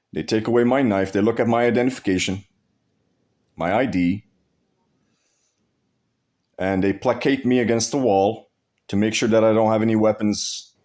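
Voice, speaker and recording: A man with a lowish, slightly mellow voice vlogs to camera in a casual monologue. He tells his story bluntly, swearing a lot and restarting and repeating his phrases.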